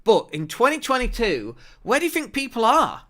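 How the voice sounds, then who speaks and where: A man hosting a marketing show, talking straight to a desk camera. His voice sits high and rings bright and forceful. He presses his points home with energetic emphasis. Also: normal speed. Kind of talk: to-camera business talk.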